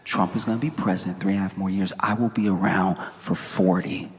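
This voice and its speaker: A man doing a lower-voiced, menacing impression of a billionaire on stage. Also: lively intonation, normal speed, a crowd in the background, close to an everyday voice. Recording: roomy hall with audience noise.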